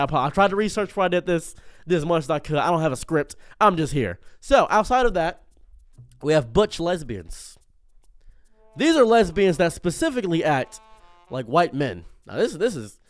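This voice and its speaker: Animated man riffing in an unscripted commentary. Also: a little high, no echo. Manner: animated, tangent-prone, self-interrupting. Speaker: streamer and commentary host.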